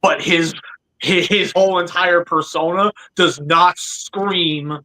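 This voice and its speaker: A male podcast host chatting casually and animatedly on a livestream. His voice sits high and sounds bright and forward. He jokes and calls his guests by nicknames. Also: fairly even intonation, slow, low-quality recording.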